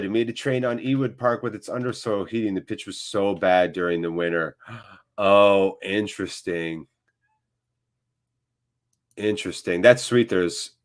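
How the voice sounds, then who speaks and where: A man hosting a live football watchalong, chatting playfully and answering viewers by name. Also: fairly low pitch. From United States. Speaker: host of a fan channel. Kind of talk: live match watchalong commentary and chat.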